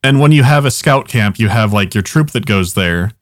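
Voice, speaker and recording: A man's voice: lowish voice, expressive, moderate pace, dry recording, studio quality. A young man casually telling a long, rambling story on a podcast, swearing often and laughing at his own jokes.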